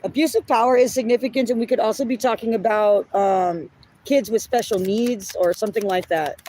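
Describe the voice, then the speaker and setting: A woman's voice: mid-range voice, fairly quick, warm tone, a little hiss or hum. Blunt, apologetic woman tarot reader. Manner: apologetic, blunt, swears when upset. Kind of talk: collective reading, casual talk.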